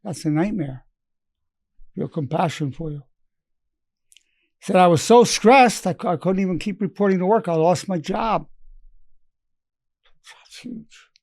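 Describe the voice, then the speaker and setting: A man's voice: high voice, measured pace, pauses often, darkish tone, dry recording, clean studio sound. A man in his eighties, a psychologist, teaching a lesson through stories about his patients and the words they said. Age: 80s. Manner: anecdotal, quotes patients in his own voice. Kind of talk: storytelling lesson.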